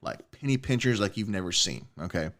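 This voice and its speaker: A man, a podcast co-host telling a personal story in casual chat, swearing often and getting excited. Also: lowish voice, fairly quick. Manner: animated, swears a lot, rising excitement.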